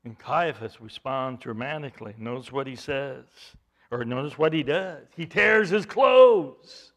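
With lively intonation and an unhurried pace, a mid-range male voice delivers a sermon. The story unfolds dramatically through rhetorical questions, his volume rising to loud emphasis and dropping to hushed tones.

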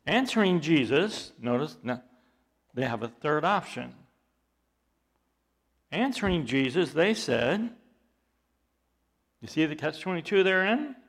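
A man preaching a sermon, reading scripture aloud with dramatic emphasis and explaining it slowly and deliberately, his intensity rising as he goes. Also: a little high, big pitch swings. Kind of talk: expository sermon.

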